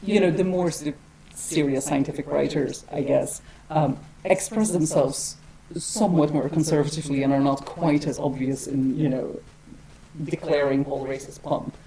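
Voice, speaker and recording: A woman's voice: sits low, moderate pace, a crowd in the background, low-quality recording. A woman giving an academic lecture, wry and digressive, with many hedging asides.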